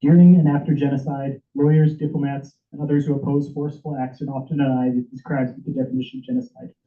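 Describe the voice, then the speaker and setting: A man's voice: mid-range voice, steady tone, quick pace. A man giving an impassioned, emotional prepared speech as a public commenter at a senate meeting, urgent and stumbling at times. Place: meeting hall. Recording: echoey room over tinny phone-like audio.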